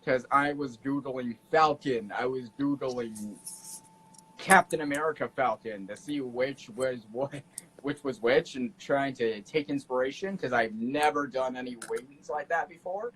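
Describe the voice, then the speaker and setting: A young man talking as a guest on a casual podcast, outgoing and animated, laughing often. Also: medium pitch, a little slow, slight background noise, low-quality recording. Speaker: guest artist.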